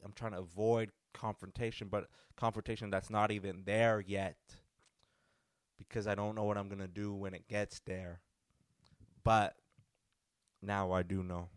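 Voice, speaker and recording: A man's voice: on the low side, little pitch movement, a little slow, long pauses, no echo, studio quality. A man hosting a casual solo podcast, telling crude stories full of profanity. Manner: crude, profanity-laden storytelling. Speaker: podcast host.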